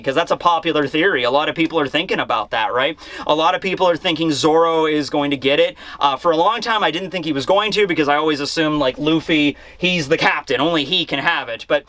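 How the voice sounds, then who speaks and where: Excitable high-voiced man doing commentary. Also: fast talker, no room sound. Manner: excitable, chatty, acts out scenes in voices. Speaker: YouTuber reviewing manga chapters. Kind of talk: casual commentary.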